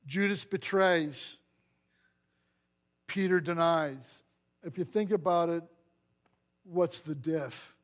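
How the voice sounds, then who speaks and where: A man's voice: on the high side, slow, pauses often. A man preaching a sermon as pastor, acting out the voices of the scripture scenes he reads. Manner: dramatic acting out of scripture dialogue.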